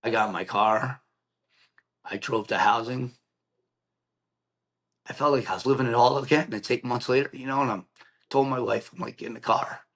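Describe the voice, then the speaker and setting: With long pauses at a normal pace, a middle-aged man recounts an emotional personal story on a podcast. He speaks earnestly and plainly in a mid-range, fairly bright voice, performing the dialogue of the people in the tale.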